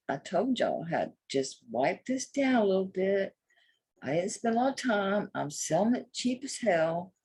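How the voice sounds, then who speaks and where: A middle-aged woman with a mid-range voice sells jewelry online in a casual live sales chat. She talks bluntly and swears freely. A little background noise can be heard.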